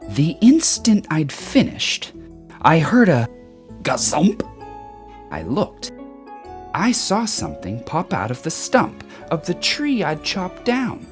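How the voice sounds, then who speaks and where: Read-aloud narrator: woman, low voice, hugely swooping delivery, soft music underneath. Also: takes it slowly. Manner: expressive, rhyming storytelling. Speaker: storybook reader. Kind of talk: children's book read-aloud. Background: soft background music.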